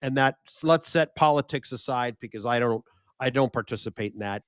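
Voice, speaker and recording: An older man with an American accent, a media expert guest telling lively stories and acting out quoted exchanges in a casual interview. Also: mid-range voice, fairly quick, clear, resonant tone, no echo, clean studio sound.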